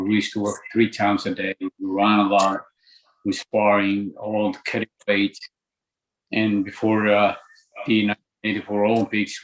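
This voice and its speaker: An older man from Ethiopia, a boxing coach, answering interview questions earnestly and repeating words for emphasis. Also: fairly low pitch. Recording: roomy echo.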